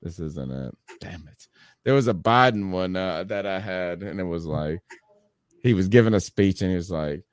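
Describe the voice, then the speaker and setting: A man co-hosting a sports podcast, telling stories in a loose, profane, animated way and laughing often. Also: sits low, normal speed, clean tone, dry recording, studio quality. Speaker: podcast co-host. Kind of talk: casual chat.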